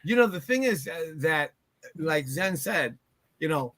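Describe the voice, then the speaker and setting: A teacher with a high, bright voice talks in an emphatic, casual way. He backs up the other speaker with quick agreement and presses his own points hard. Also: expressive, no room sound. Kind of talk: casual chat.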